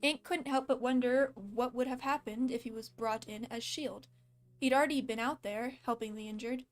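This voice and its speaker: Woman with a slight lisp, casual story reading, fairly high voice, faint music behind. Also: steady tone, normal speed. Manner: breaks off to laugh and comment. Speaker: fan fiction reader.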